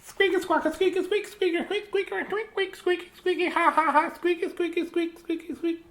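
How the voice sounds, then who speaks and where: A man voicing a tiny, fearless female songbird in a picture-book reading, all high squeaks and squawks. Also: fairly even intonation, normal speed, fairly bright tone. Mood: chirpy.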